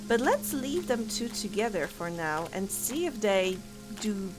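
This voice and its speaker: A woman's voice: medium pitch, big pitch swings, a little slow. A woman streaming a game, chatting casually and thinking aloud with frequent giggles. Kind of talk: casual gameplay commentary. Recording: clear game music underneath. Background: game music.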